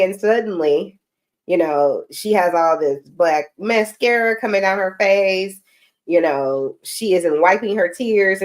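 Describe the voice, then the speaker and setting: A woman giving casual reaction commentary, talking deliberately and correcting herself as she goes. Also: mid-range voice. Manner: deliberate, self-correcting, direct.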